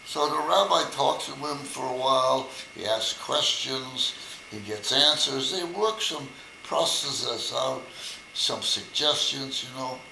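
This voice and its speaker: An older man telling jokes at a birthday party, slow and deliberate, with a gravelly voice and some hesitations. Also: mid-range voice, echoey room, noisy background. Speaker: joke teller. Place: room at a family birthday party.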